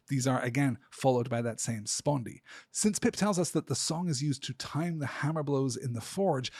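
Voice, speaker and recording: A man hosting a podcast, talking through a classic novel in a measured, analytical way. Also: mid-range voice, a little mellow, no echo, clean studio sound. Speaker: podcast host. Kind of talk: literary discussion.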